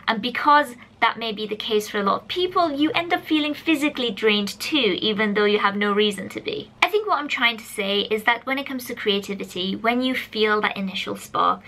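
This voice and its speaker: Woman vlogger, bright voice, animated and chatty, filming a casual talk at home. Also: medium pitch, poor audio. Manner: animated, chatty, addresses viewers directly. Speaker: YouTube vlogger.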